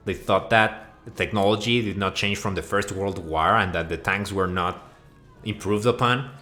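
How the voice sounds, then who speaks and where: A man's voice: deep voice, fairly bright tone. A man delivering a crude, swearing, mock-outraged rant that rambles from point to point. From Mexico. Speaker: video host. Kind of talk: profane comedic rant.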